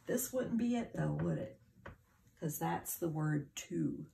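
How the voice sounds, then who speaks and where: A woman's voice: deep voice, lively intonation, slow, vocal fry, dark tone, slight background noise. A woman teacher giving a patient, encouraging phonics lesson to children, spelling words out letter by letter.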